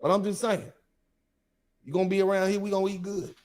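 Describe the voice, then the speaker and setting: A man's voice: high-pitched, flat delivery, fairly quick, a little mellow. A man co-hosting casual commentary, laid-back and chatty, checking in with listeners.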